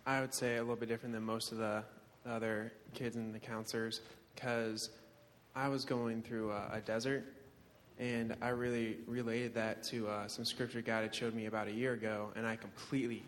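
A young man giving an earnest personal testimony, steady with small hesitations. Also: mid-range voice, moderate pace, slight background noise. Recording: echoey hall.

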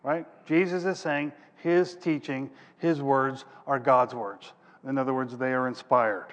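A man preaches in a mid-range, steady voice, a little slow, reading scripture aloud before explaining it plainly. He thinks aloud while searching for passages, and the large hall gives long reverb.

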